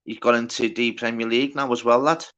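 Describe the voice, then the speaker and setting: A man's voice: mid-range voice, flat delivery, quick pace, a bit bright. A man hosting a casual livestream, reading out the chat, greeting viewers by name and bantering with plenty of swearing. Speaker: livestream host.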